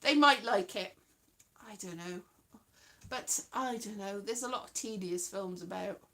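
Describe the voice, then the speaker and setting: A woman hosting a casual chat, rambling and trailing off as she hunts for names, with quick asides. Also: mid-range voice, bright, forceful tone. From Wales. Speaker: podcast host.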